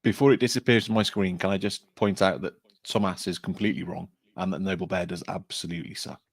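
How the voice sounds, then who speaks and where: Male co-host, low husky voice, dry wit, close dry sound. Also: fairly even intonation, fast, no echo. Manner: wry, blunt, jokey. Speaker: podcast co-host. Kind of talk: casual livestream chat.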